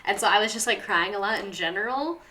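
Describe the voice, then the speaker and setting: This young woman's voice is medium in pitch, pushed and bright, with lively intonation and a quick pace. Hosting a casual stream, she chats and rambles, reading viewers' stories and answering chat, with plenty of "like" and laughs.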